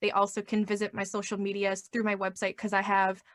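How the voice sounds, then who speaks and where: A woman's voice: mid-range voice, monotone, brisk, a bit bright, dry recording. A woman talking as a guest in a casual interview, upbeat and chatty, often acting out what she or others would say. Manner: upbeat, acts out quoted voices. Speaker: podcast guest.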